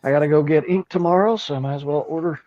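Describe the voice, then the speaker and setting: A man's voice: on the high side, quick pace, dark tone, dry recording, dull audio. A man chatting casually on a stream call, curious and full of questions, swearing lightly now and then. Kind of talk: casual chat.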